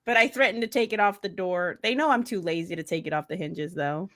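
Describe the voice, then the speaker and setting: A woman's voice: fairly low pitch, a little fast, fairly bright tone. A middle-aged woman and mother co-hosting a casual chat, blunt, swearing freely and laughing often. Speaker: podcast co-host, mother.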